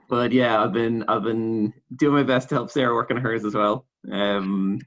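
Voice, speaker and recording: An easygoing man with an Irish accent chips in on a live video chat, encouraging and a little halting. His voice is mid-pitched, and the audio sounds slightly muffled and dull. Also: steady tone, fairly bright tone. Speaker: guest's partner joining the chat.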